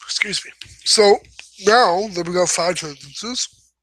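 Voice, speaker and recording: Bright-voiced young man explaining casually. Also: high voice, slow pace, rough recording. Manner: rambling, self-correcting, apologetic asides. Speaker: host. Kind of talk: casual instructional talk.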